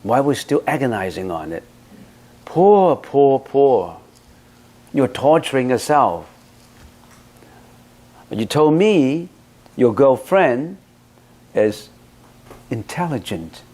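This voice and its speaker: A male Buddhist teacher in a question-and-answer dharma talk, with a voice of middling pitch. He talks bluntly and with force. He keeps pressing rhetorical questions on his listener and scolds them. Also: lively intonation, takes it slowly, pauses often, darkish tone.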